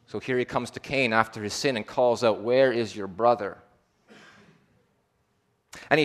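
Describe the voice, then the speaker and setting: A man preaching a sermon, rising to loud emphatic peaks and sinking to low, hushed phrase endings, and slowing down for deliberate repeated emphasis. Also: fairly even intonation.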